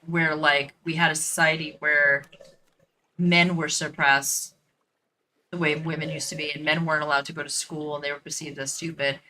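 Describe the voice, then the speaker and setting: Bright-voiced woman rambling while gaming. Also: low-pitched, level tone, moderate pace, a little hiss or hum, rough recording. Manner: rambling, filler-heavy, thinking aloud. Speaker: dog trainer. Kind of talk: casual chat while gaming.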